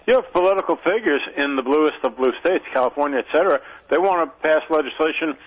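A man co-hosting a political talk radio show, measured and deliberate, stressing key words. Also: a little high. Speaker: radio co-host, commentator. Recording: dull lo-fi radio sound.

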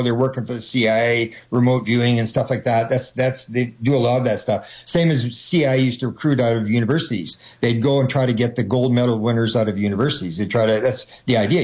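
A man's voice: mid-range voice, muffled recording. A man talking casually as an interview guest, rambling with many restarts and acting out the voices he quotes.

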